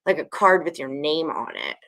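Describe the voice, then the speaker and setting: A woman with a bright, forceful voice co-hosting a late-night podcast. She chats in a lively way and laughs easily. She also acts out lines from commercials as she goes. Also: sits low, normal speed, creaky. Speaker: podcast co-host. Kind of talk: casual chat.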